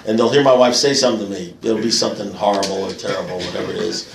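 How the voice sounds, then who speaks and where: A man's voice: lowish voice, fairly even intonation, racing, gravelly, distant mic. Wry older man sharing in an echoey hall. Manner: wry, self-mocking, punchy delivery with laughter. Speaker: recovery meeting speaker. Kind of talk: storytelling share at a recovery meeting. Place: meeting hall with live audience. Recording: echoey room, picked up from afar.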